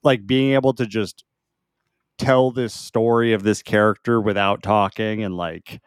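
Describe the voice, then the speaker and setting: Male podcast co-host, smooth and clear, relaxed casual movie talk, dry close sound. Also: fairly low pitch, measured pace, no room sound. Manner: relaxed, laughs often, hedges with "like".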